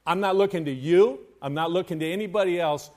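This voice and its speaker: A man's voice: sits high, fast. Impassioned male pastor preaching a sermon. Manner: impassioned preaching with swings between hushed and loud.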